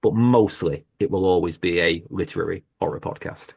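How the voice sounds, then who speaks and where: A man's voice: low-pitched, brisk, gravelly, darkish tone, slightly rough. A British man who hosts a horror podcast, speaking as a guest on a video-call panel in a chatty, self-deprecating way, with stammered restarts. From Britain. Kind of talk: casual panel chat. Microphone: video call mic.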